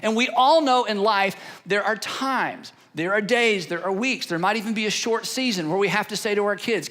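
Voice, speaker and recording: A male pastor preaching a sermon in an earnest, pleading tone, building his points through steady repetition. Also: sits high, normal speed, hardly any pauses.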